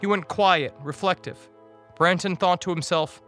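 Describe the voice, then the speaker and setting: A man as guest preacher, reading a dark comic story in a wry, dramatic way. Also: high-pitched, normal speed. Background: music.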